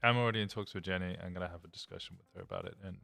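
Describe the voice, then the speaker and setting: A man playing a police officer in an online roleplay, talking in a flat, monotone way in casual chat. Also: deep voice, racing, creaky.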